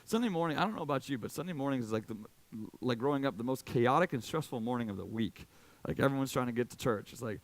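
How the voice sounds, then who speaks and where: A man's voice: medium pitch, animated, fast talker, no echo. A man in his late twenties from Indiana, a youth pastor giving a casual, self-deprecating talk full of personal stories. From Indiana, USA. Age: late 20s. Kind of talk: sermon with personal storytelling.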